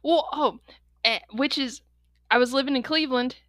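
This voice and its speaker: A young adult woman co-hosts a casual chat podcast. Her voice sits a little high and rings bright. She tells stories animatedly and quickly, and the sound is close and dry. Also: dry recording. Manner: animated storyteller, quick and laughing. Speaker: podcast co-host.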